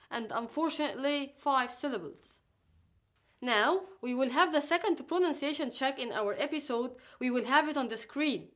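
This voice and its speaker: Woman, high voice, careful slow drilling, recorded lesson. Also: fairly bright tone. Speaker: English teacher.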